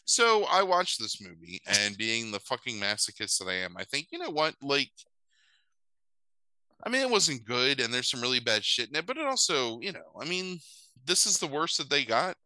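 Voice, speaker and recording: A man's voice: mid-range voice, normal speed, no echo, poor audio. A man co-hosting a podcast, telling a movie plot in a casual, sarcastic and profane way. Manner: animated, profane, sarcastic storytelling. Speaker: podcast co-host. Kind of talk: casual chat recapping a movie.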